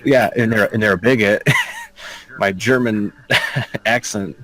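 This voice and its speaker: A man's voice: on the low side, fairly even intonation, a little slow, low-quality recording. A man playing a tabletop game, chatting casually, joking and rambling with frequent restarts. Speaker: player. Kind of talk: casual chat among tabletop players.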